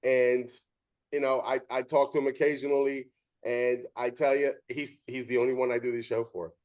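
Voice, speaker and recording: Brief: male interview host, umpire, lively storyteller, average pitch. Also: moderate pace. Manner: animated storytelling with quoted dialogue. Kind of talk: casual interview chat.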